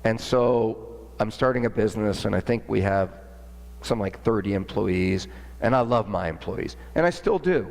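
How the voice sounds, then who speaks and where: A male entrepreneur telling a story in an interview, animated and acting out the dialogue, with long hall reverb. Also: fairly low pitch, normal speed. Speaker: entrepreneur guest.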